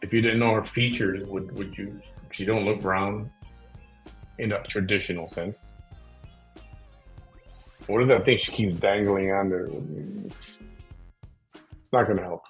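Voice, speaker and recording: A man's voice: fairly low pitch, steady tone, a little slow, long pauses, soft background music, rough recording. A man hosting a live stream, reacting to clips with incredulous exclaimed questions.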